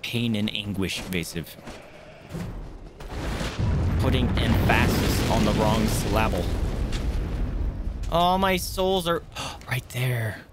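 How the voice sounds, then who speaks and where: A man's voice: fairly low pitch, takes it slowly, pauses often, background noise. A man streaming a video game, chatting with viewers and yelping and swearing as he plays. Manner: excitable, yelps and swears at the game. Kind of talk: casual gameplay commentary.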